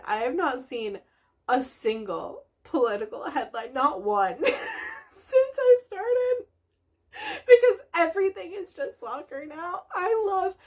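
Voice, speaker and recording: Woman host, casual vlog chat, bubbly and giggly, slightly high voice. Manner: bubbly, gushing, laughs often. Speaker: host of a knitting video podcast.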